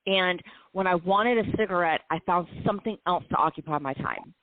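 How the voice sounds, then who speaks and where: A woman's voice: on the low side, lively intonation, dry recording. A woman co-hosting a talk show, telling a personal story in a candid, emotional way. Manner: emotional, heartfelt, quick bursts and slow stretches. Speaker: podcast co-host. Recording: tinny phone-line sound, dry.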